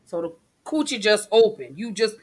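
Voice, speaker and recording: A woman's voice: mid-range voice, big pitch swings, moderate pace, husky. A woman hosting a talk show, listening and backing her guest up with short affirmations. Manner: supportive, frequent affirming interjections. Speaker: podcast host. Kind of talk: casual conversation.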